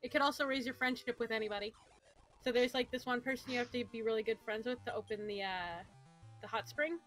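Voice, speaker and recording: A woman's voice: a little high, steady tone, quick pace, a bit bright, soft background music. Dry, teasing woman co-host. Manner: dry, teasing, laughs often. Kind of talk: casual chat over gameplay.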